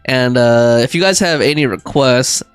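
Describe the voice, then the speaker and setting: A man's voice: mid-range voice, normal speed, clear, resonant tone, no room sound, soft background music. A man in his thirties streaming a game, reading viewer chat aloud and bantering with a laugh. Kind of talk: casual live stream chat.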